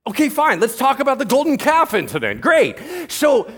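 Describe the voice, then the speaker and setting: A male pastor preaching a sermon, telling the story in lively casual slang and often checking in with "right?". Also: extremely high pitch, normal speed, husky.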